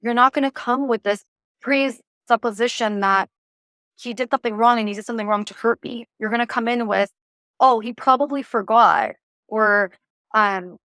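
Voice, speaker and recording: A relationship coach appears as a guest in a casual interview, giving advice in a playful, lighthearted, lively way and acting out what people say. Her fairly high voice moves fairly quickly, recorded with studio quality and no echo.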